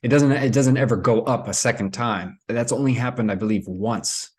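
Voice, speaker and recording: Man, casual vlog commentary, rambling, unscripted, mid-pitched voice. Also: normal speed, husky. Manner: rambling, with many fillers and restarts. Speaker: crypto vlogger.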